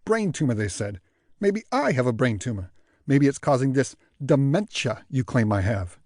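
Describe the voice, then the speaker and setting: A man's voice: medium pitch, very animated, dry recording, studio quality. Man doing a grumpy old New York jazzman. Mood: grumbling. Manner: loud, grumbling, quick retorts.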